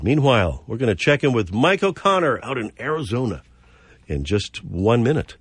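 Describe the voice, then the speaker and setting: Hoarse New radio host. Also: male voice, mid-range voice, big pitch swings, normal speed, no room sound. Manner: jokey, laughs often. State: a little hoarse. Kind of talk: casual radio chat. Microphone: studio microphone.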